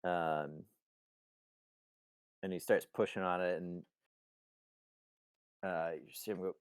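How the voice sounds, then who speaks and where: A man's voice: low voice, steady tone, takes it slowly, long pauses, clear, resonant tone, no room sound. A man narrating as game master of a tabletop game, in a hesitant way with many fillers.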